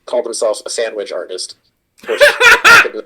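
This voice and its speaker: A man's voice: mid-range voice, wildly swooping pitch, normal speed, very noisy. A man, a kitchen supervisor, telling a work story in casual chat and swearing a lot. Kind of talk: casual chat while gaming.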